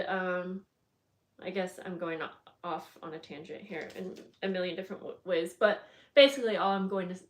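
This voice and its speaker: A woman hosting a casual crafting livestream, chatting in a rambling, friendly way with lots of fillers and restarts. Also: medium pitch. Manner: friendly, greets viewers by name. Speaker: craft channel host.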